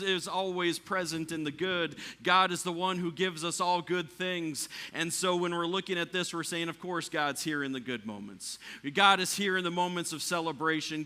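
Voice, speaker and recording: Bright-voiced man preaching a sermon. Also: on the high side. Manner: rises to near shouting at peaks, drops quiet for calm lines. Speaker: pastor. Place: church.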